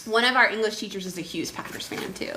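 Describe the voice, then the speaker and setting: Woman, school librarian, chatty live unboxing, bright clear tone, faint background noise. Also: mid-range voice, fast. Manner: chatty, reads notes aloud, excitable bursts.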